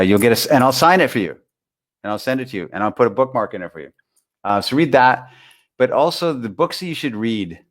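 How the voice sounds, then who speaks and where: A man being interviewed about dating, talking casually, with many restarts and repeated words while he tells stories and gives advice. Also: on the low side. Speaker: interview guest, dating author.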